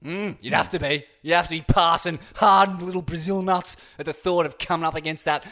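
An Australian man co-hosting a mock-serious sports chat, theatrical and grandiose, with rough slang. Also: fairly high pitch, fairly even intonation, fairly quick, sharp tone. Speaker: co-host.

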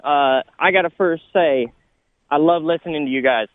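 A man calling a sports radio show from California, out of breath and arguing his points in an animated way. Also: on the high side, dry recording. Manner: animated, argumentative, rapid points. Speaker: caller. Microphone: phone. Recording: tinny phone line.

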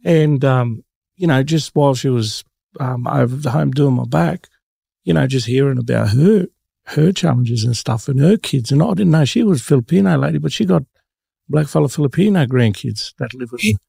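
An Australian man with a gravelly, dark voice hosts a relaxed chat. He tells his stories with animation and laughs often. The recording is dry and close. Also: mid-range voice, moderate pace, no room sound. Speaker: host. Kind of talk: casual conversational interview.

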